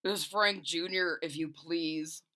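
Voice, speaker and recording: A woman's voice: fairly low pitch, normal speed, bright, forceful tone, clean tone. A woman voicing a prim, fussy young boy in a storybook read-aloud who mumbles corrections.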